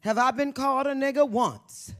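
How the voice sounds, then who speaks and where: On stage at a live book event, a woman in her sixties appearing as an author guest addresses the audience in a brash, profane, stand-up manner, lurching from shouts to hushed near-whispers. Her voice sits high and her pace is moderate, with faint murmuring and laughter from the audience behind her.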